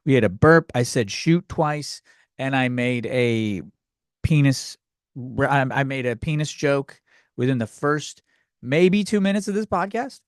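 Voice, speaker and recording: A man's voice: mid-range voice, animated, unhurried, smooth, no echo, clean studio sound. A man hosting a solo comedy podcast, rambling from thought to thought and poking fun at himself. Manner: rambling, scattered, self-mocking. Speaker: podcast host.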